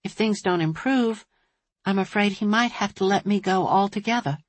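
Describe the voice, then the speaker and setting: A woman voicing a composed young woman in an audiobook, speaking evenly and factually in a husky voice. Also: mid-range voice, normal speed, no echo, close to an everyday voice. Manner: even and factual. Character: composed young woman facing hard times.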